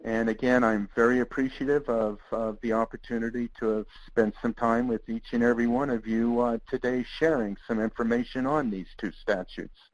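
A man teaching a webinar in a steady, mid-range voice. He explains guidance in a measured, earnest way. A dry wit comes through now and then. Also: medium pitch, rough recording. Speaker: webinar instructor. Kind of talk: presenting a training webinar.

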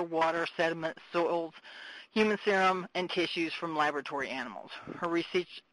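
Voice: medium pitch, sharp tone, no echo, low-quality recording. A moderator reading a formal speaker introduction for a webinar, often stumbling and restarting words.

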